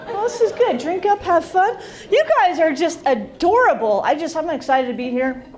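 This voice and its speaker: A woman's voice: very high-pitched, expressive, normal speed. A woman doing a stand-up comedy set in a club, teasing the crowd and making fun of herself. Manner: self-deprecating, teasing the crowd. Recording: loud crowd laughter and bar noise.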